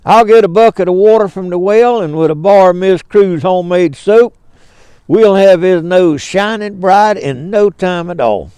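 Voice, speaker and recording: A man's voice: high-pitched, normal speed, dark tone, clean tone, dry recording, lightly acted. A kindly old swamp farmer with a Georgia drawl, plain-spoken and reassuring, as an older man puts him on. He sounds much like the narrator's own voice. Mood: homespun. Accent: Southern US, Georgia.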